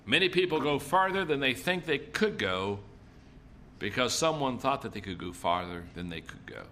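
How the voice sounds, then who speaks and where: Expressive and forceful, his bright medium-pitched voice moves at a moderate pace, with a little hiss or hum underneath. This middle-aged leadership speaker tells folksy stories at a seminar and repeats his points emphatically.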